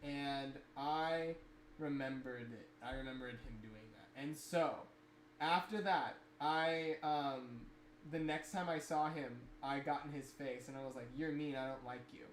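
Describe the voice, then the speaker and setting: A man's voice: medium pitch, unhurried. Man telling a rambling story. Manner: animated, rambling anecdote with fillers. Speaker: livestream co-host. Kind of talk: casual storytelling. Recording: echoey room with faint noise.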